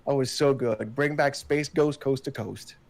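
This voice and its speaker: A man's voice: mid-range voice, normal speed, darkish tone. A man speaking as a guest on a podcast, rambling and swearing freely in casual chat.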